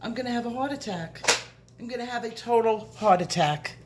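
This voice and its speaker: A middle-aged woman hosting an unboxing vlog, gushing breathlessly and shaky with excitement, from a room at home. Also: a little high, brisk, very noisy. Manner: breathless, gushing, repeated exclamations. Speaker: coloring channel host.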